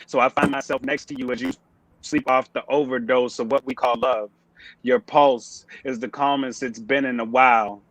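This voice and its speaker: A man performing a spoken word poem at a virtual open mic, delivering the lines in a measured, deliberate way over a video call. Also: medium pitch, fairly even intonation, a bit bright, no room sound, poor audio.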